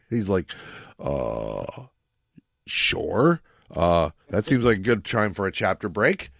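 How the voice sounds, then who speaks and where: Man, very low voice, casual rambling podcast talk, dry recording. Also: unhurried, dry recording. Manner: rambling, many fillers and restarts. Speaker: podcast co-host. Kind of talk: casual book discussion.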